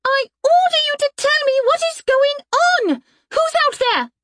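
A woman voicing a frightened, imperious young girl who demands answers in a shrill voice. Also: very animated, a little slow, fairly bright tone, no echo, studio quality, full character voice. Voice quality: high-pitched, shrill. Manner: demanding, panicked.

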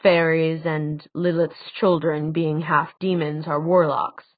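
A woman reading the part of an older male tutor, speaking quietly, slowly and deliberately, grave and measured. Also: sits low, little pitch movement, no room sound. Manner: quiet, slow, deliberate speech. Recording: dry, tinny phone-like sound.

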